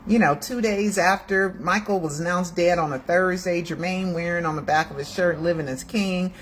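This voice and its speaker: Woman in her sixties, low voice, chatty and rambling, home video, faint hiss behind. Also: moderate pace. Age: 60s. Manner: chatty, digressive, emotional. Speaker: video host. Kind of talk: casual chat to camera. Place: home room.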